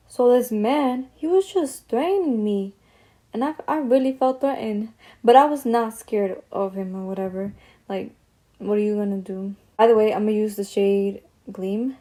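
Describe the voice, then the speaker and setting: A woman's voice: mid-range voice, moderate pace, mellow. A young woman chatting casually as she tells a story while doing her makeup, slangy and drifting off on tangents. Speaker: beauty vlogger.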